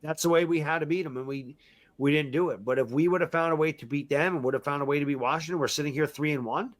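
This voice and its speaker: A man's voice: on the high side, fast. A middle-aged man and football fan giving a frustrated, emphatic post-game rant, repeating himself often. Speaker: sports fan commentator.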